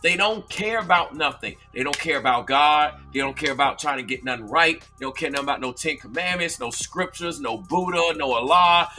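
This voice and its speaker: A man's voice: fairly high pitch, sharp tone. A man hosting a live-stream commentary, talking straight to viewers and reading chat, with an emphatic, repetitive, preachy delivery. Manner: conversational, addresses viewers directly. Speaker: commentary channel host.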